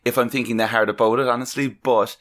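A man's voice: medium pitch, steady tone, quick pace, a bit bright. A man co-hosting a casual podcast, telling a story in an incredulous tone and swearing freely. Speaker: podcast co-host.

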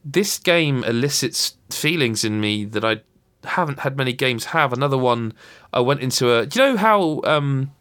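A man's voice: medium pitch, animated, normal speed, a bit bright. A man in casual chat, rambling through a story with restarts and acted-out quotes. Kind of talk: casual chat about a video game.

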